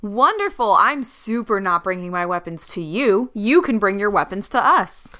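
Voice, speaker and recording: Smooth-voiced woman playing a tabletop game. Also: medium pitch, sing-song, normal speed, fairly bright tone. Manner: firm, talks in character at length. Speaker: player.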